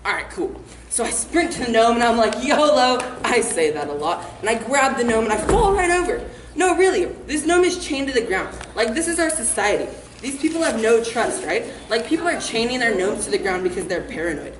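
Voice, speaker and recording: A woman's voice: on the high side, very animated, fairly quick. A woman playing a rambling teen troublemaker. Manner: breezy, rambling, full of "like" and "right?". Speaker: student actor in a stage monologue. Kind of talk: comic stage monologue. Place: live on a theater stage. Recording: echoey theater hall, faint hiss.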